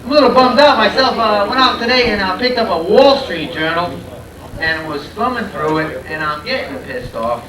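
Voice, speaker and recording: A man from Rhode Island doing a loud, punchy stand-up comedy set on a club stage, working the crowd. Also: high-pitched, animated, moderate pace. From Providence, Rhode Island. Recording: echoey club from a far camera, loud crowd.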